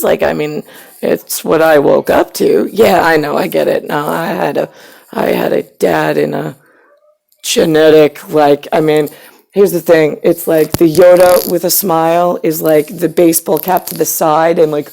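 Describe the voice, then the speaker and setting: Gravelly, sarcastic ranting woman. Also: medium pitch, moderate pace, warm tone. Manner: sarcastic, profane, mimics others in quotes. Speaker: mother. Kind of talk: rambling rant to camera.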